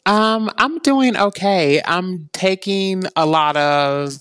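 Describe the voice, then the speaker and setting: A woman speaking as a podcast guest, calm and reflective. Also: lowish voice, takes it slowly, clear, resonant tone, dry recording, clean studio sound. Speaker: guest activist. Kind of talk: interview.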